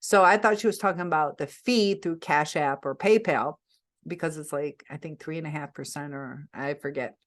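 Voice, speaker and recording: A woman vlogger casually telling a story to camera, chatty and rambling, often pausing and correcting herself. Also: sits low. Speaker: vlogger recounting a scam attempt.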